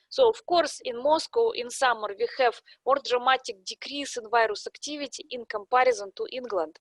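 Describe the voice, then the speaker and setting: High-voiced woman with a thick Russian accent. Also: no echo. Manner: lecturing, explains step by step with examples. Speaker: expert guest. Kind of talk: podcast interview, explaining.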